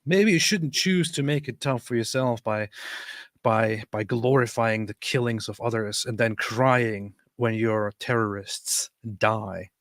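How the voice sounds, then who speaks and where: A man's voice: lowish voice, a little slow, fairly bright tone, no echo. A man hosting a casual reaction commentary, sarcastic and mocking, often laughing through his remarks. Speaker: commentary stream host.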